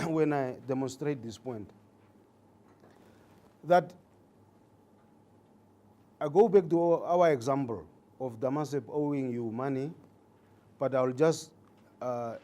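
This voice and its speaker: Mellow-voiced man lecturing on law. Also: on the high side. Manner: deliberate, repeats key points for emphasis; speaks with hesitations and fillers. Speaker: judge lecturing trainee judges. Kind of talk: legal training lecture.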